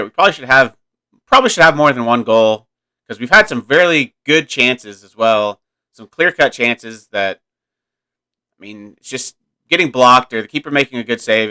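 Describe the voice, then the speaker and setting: Guy casually commentating his football sim game, thinking out loud, crisp clear voice. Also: mid-range voice. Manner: relaxed, thinking aloud, self-correcting. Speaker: gaming YouTuber.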